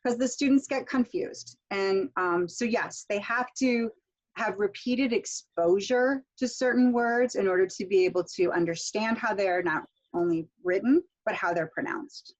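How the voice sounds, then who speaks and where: A woman's voice: medium pitch, measured pace. A middle-aged woman teaching a pronunciation workshop online, chatty and explaining with fillers and restarts. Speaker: pronunciation instructor. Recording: muffled lo-fi video call audio.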